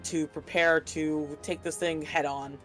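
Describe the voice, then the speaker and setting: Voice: medium pitch, level tone, a little slow, a bit bright, faint music behind. A player at a tabletop game who talks hesitantly with many ums and uhs, adding up dice rolls aloud. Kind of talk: casual game talk.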